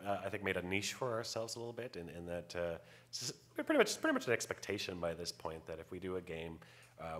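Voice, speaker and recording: A man speaking on a convention panel as a game writer, halting with many restarts and a wry humor. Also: sits low, pushed and bright. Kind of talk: panel discussion, casual.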